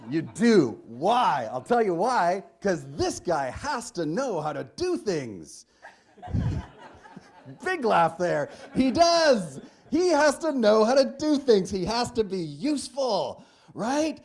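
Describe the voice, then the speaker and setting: A man's voice: high voice, very animated, takes it slowly, a little mellow. A man giving a comedic keynote speech on stage to a live audience, telling a story and acting out dialogue with his doctor. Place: large hall with a live audience.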